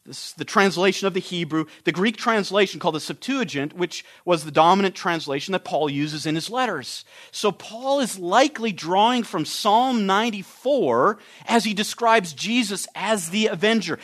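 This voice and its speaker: Guy preaching a sermon, pretty high voice, earnest, stops and restarts a lot. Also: normal speed, few pauses, a bit bright. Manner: earnest, emphatic, with frequent restarts. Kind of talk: expository sermon.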